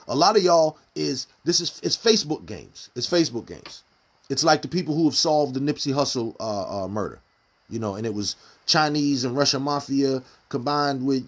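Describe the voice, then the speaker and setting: A man's voice: mid-range voice, lively intonation, normal speed. A man giving casual live-stream commentary, firing off rhetorical questions in street slang. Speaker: community commentator.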